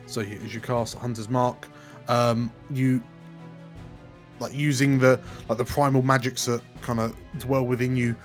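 A man narrates a tabletop adventure as game master, in a loose style full of fillers and restarts. His voice is mid-pitched and plain, with faint music underneath. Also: little pitch movement, measured pace.

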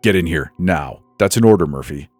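A man voicing a wounded, harsh army captain who shouts orders. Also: deep voice, expressive, brisk, faint music behind. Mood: barking orders. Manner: shouting commands.

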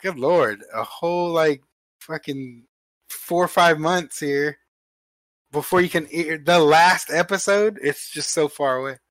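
A man with a somewhat high voice chats quickly and loosely as a podcast co-host, swearing casually and restarting his sentences. The recording is close and dry. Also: a bit bright, no room sound. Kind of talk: casual chat.

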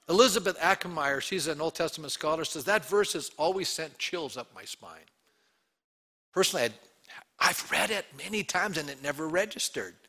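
A pastor delivering a sermon, his voice bright and forceful. He sits somewhat high in pitch and presses his points with rhetorical questions, earnest and emphatic throughout.

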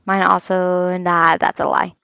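A woman in her thirties co-hosting a casual chat podcast, telling animated stories about her kids and swearing freely. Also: on the low side, moderate pace, gravelly, smooth, dry recording, lo-fi sound. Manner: swears a lot, animated storytelling. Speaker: podcast co-host.

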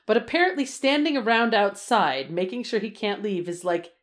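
Lively, laughing woman podcast co-host. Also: normal speed. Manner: laughs often, lively pitch. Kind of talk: casual film discussion.

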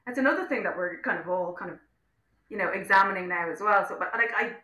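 An Irish woman speaks as an interview guest, passionate and blunt, tumbling over her own restarts. Her voice is bright and forceful. The room around her rings with a noticeable echo. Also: mid-range voice, fast talker. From Ireland. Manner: impassioned and outspoken, many restarts. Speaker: interview guest, actor-director. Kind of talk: casual interview chat.

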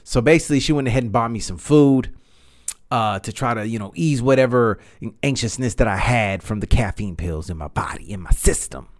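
A man's voice: mid-range voice, fairly quick. Rambling man telling a podcast story. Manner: rambling, animated, swears freely, says "man" and "you know" a lot. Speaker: podcast host. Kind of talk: casual storytelling monologue.

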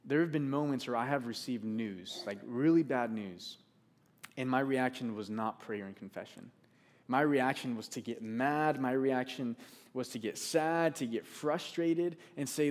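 A man's voice: mid-range voice, darkish tone. A man preaching a sermon, speaking earnestly, repeating key phrases for emphasis and reading scripture aloud.

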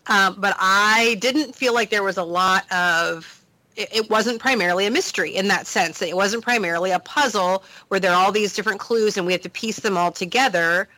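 A woman podcast co-host talks in a hesitant way, full of pauses and fillers as she works out her thoughts. Her voice is bright and clear, recorded close and dry. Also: medium pitch, no echo, poor audio. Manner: hesitant, thinking aloud. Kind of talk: casual discussion.

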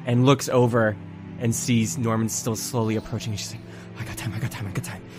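A man narrating as game master of a tabletop game, playful and unhurried, with faint music behind. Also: fairly low pitch. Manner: slow, playful narration with laughs.

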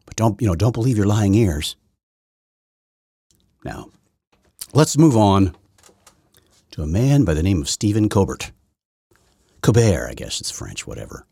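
A middle-aged man rants through an opinion podcast, mocking and sarcastic, often stumbling and repeating himself. His voice is lowish and husky, with big swings in pitch. The sound is dry and close. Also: sing-song, unhurried, long pauses, warm tone, dry recording. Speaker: podcast host. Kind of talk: opinion commentary monologue.

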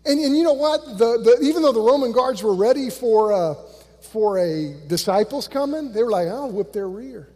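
High, husky-voiced preacher in a reverberant hall. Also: male voice, normal speed. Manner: animated, swings from loud to hushed, acts out quotes. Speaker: pastor. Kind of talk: sermon. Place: church sanctuary.

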